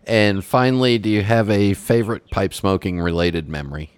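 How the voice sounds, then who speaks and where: A man with a gravelly voice hosting a radio show, chatting casually and chuckling easily. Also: lowish voice, moderate pace, dry recording. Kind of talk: casual interview chat.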